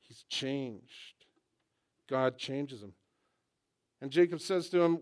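A man's voice: mid-range voice, normal speed. A man preaching a sermon to a congregation, conversational and humorous, telling stories with rising emphasis. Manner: conversational, animated storytelling with humor. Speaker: pastor.

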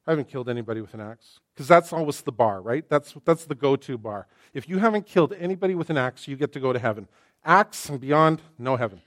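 A middle-aged male pastor preaching an animated sermon, acting out quoted voices and swinging between loud and hushed delivery. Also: a little high, brisk, dry recording, studio quality.

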